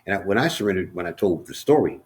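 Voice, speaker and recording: A man with a very low voice shares his life story as an interview guest. He talks quickly and earnestly, stumbling and repeating words as he goes. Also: very animated, a little hiss or hum. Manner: halting, many restarts and repeated words; earnest and emotional. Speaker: author and podcast guest. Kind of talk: candid personal storytelling in an interview.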